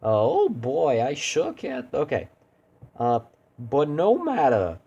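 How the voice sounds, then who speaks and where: A man's voice: mid-range voice, wildly swooping pitch, slow, mellow, husky, muffled recording. A man streaming a video game, chatting casually and critiquing his own attempts at doing voices. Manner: rambling, self-deprecating. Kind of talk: casual gaming stream chat.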